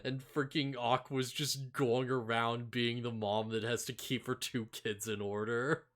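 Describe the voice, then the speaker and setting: A man's voice: medium pitch, little pitch movement, a little slow, fairly bright tone. A man co-hosting a casual podcast chat, rambling with lots of filler words and laughing often. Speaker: podcast co-host.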